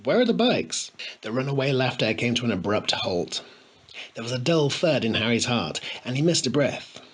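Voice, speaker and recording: Guy reading a funny story out loud, very animated, a bit breathy. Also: medium pitch, moderate pace. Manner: expressive, playful. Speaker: narrator.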